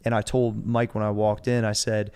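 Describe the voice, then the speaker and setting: Animated man in his forties telling a story. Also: on the low side, moderate pace, smooth. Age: 40s. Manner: animated storyteller, acts out quotes, swears freely. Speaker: strength coach. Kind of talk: casual podcast storytelling.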